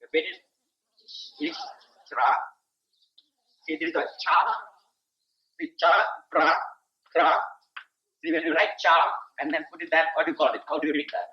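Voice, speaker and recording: A man's voice: a little high, steady tone. An older man with an Indian English accent teaching Sanskrit syllables in class, repeating each sound and checking that students follow. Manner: slow, repeats each syllable, asks "see?". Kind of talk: classroom lesson. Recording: dull lo-fi 1980s tape.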